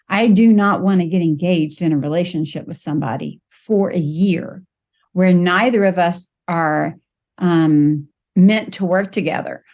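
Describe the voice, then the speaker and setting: A woman's voice: lowish voice, a little mellow. A woman hosting a podcast interview, talking openly and asking her guest questions. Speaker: podcast host.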